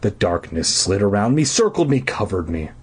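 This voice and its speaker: A man's voice: fairly low pitch, big pitch swings, normal speed, husky. A man reading a horror book aloud for laughs, breaking off into snarky, profane asides. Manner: snarky asides, swearing, mock drama. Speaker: comedic reader.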